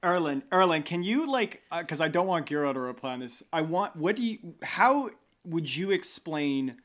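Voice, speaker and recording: A man's voice: fairly high pitch, a bit bright. A man hosting a podcast, joking playfully and asking each guest in turn. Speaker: podcast host. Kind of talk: casual chat.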